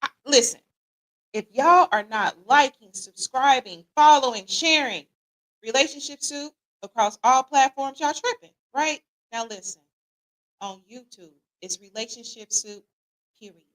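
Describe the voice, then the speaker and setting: A middle-aged woman, hosting a casual livestream and greeting viewers in a lively, slangy, playful way. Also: sits high, measured pace. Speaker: podcast host.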